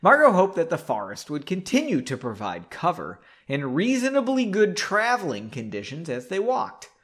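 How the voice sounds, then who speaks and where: A man's voice: a little high, wildly swooping pitch, normal speed, fairly bright tone. A man hosting a podcast, reading a story aloud and breaking in with sarcastic, mocking asides. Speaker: podcast host.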